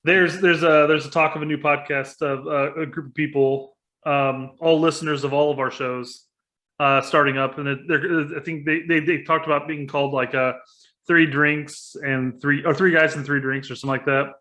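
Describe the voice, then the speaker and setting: Brief: man, fairly high, bright forceful tone, rambling co-host chatter. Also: fairly even intonation, moderate pace. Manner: rambling, chatty, laughs along. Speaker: podcast co-host. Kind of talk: casual chat.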